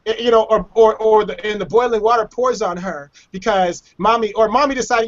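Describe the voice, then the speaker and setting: A man's voice: high voice, fairly quick, hardly any pauses. Guy hosting a web chat show, storytelling, lots of restarts, muffled lo-fi call audio. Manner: animated storyteller who acts out quotes and repeats words. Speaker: show host. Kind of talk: casual chat on a web hangout. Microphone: webcam or computer mic on a video call.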